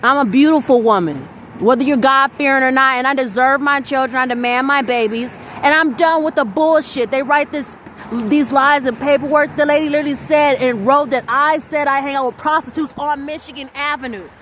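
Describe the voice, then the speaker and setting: A woman's voice: high voice, a little fast, a bit bright, slight background noise. A woman ranting indignantly to camera about losing her children, emphatic and rambling, swearing as she goes. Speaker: mother venting on video. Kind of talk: angry personal rant to camera.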